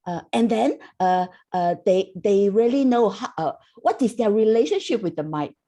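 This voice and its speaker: An older woman with a Singaporean English accent explains how dubbing works. She speaks haltingly, pausing on fillers. Her voice has a mellow, soft tone. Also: medium pitch, expressive. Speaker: panelist, dubbing artist. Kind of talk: casual panel talk.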